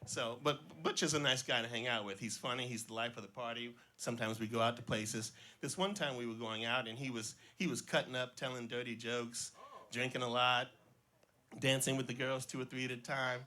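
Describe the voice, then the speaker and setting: Brisk and medium-pitched, a middle-aged Ohio schoolteacher from around Cincinnati works through his debut stand-up set on a small club stage with an audience watching. He spins his jokes as easygoing stories, doing the characters lightly and pausing now and then to fix slips and restart.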